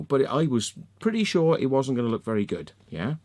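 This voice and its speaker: A man's voice: medium pitch, very animated, normal speed, darkish tone. A man vlogging, muttering while he searches his screen, then ranting angrily with constant swearing and repetition. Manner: angry, sweary, repeats himself. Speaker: vlogger and crop circle maker. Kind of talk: ranting screen-share vlog.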